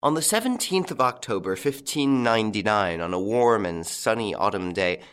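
A man reading the part of a suave, mocking young gentleman thief in an audiobook, with a playful, teasing manner. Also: lowish voice, animated, moderate pace, clear, resonant tone.

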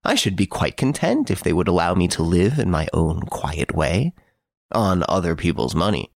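This is a suave gentleman thief, relaxed in his cell and amused by everyone around him, as a man puts him on. He teases and brags in a voice that leaps up and down, with some gravel under it. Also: deep voice, normal speed, dry recording, studio quality, full character voice. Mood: mocking, playful. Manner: playful, teasing, boastful. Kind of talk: audiobook character reading.

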